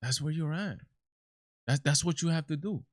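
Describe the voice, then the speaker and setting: A man's voice: a little high, moderate pace, no echo, clean studio sound. A man hosting his own live commentary stream, talking emphatically with many repeats and restarts. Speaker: show host.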